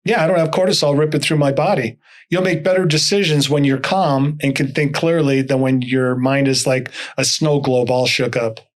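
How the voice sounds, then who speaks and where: A man's voice: medium pitch, moderate pace. An older man, a motivational speaker, telling stories as an interview guest and acting out the dialogue in them. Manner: animated, acts out dialogue in stories. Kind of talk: storytelling interview talk.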